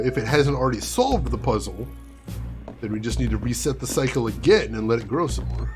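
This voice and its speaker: A man with a Chicago accent doing let's-play commentary, chatting with viewers and answering their comments. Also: medium pitch. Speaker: game streamer.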